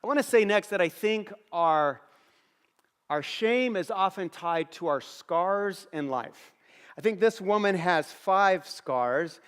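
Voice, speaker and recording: A middle-aged man preaches with an earnest, storytelling manner, his voice sitting a bit higher than most men's. His words ring out through a large hall with a long reverb. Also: lively intonation, slow pace, a bit bright, clear, resonant tone. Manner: earnest, storytelling with repeated phrases. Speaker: pastor. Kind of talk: sermon. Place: church auditorium.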